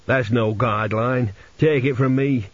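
A man's voice: mid-range voice, fairly even intonation, a little slow, no room sound, dull audio, lightly acted. A man doing a gloomy muttering embalmer. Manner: muttering, weary. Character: gloomy, shaken male chief embalmer.

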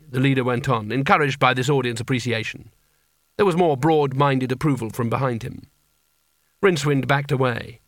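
A man narrating an audiobook in a dry, even storytelling manner. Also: medium pitch, moderate pace, no echo.

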